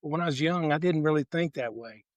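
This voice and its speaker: An older man speaking as a podcast guest at a live conference session, reflective and halting, often restarting his thoughts. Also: on the high side, no room sound, lo-fi sound. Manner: halting, frequent "you know" and restarts. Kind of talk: reflective conversation.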